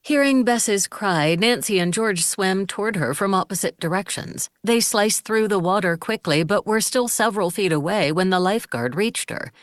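A woman narrating an audiobook in an even storytelling manner. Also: medium pitch, normal speed, few pauses, dry recording, clean studio sound. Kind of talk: scripted narration.

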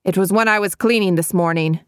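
A woman's voice: mid-range voice, a little fast, dry recording, clean studio sound, natural voice. Woman doing a stammering, wailing innkeeper. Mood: flustered. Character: nervous, stammering male innkeeper.

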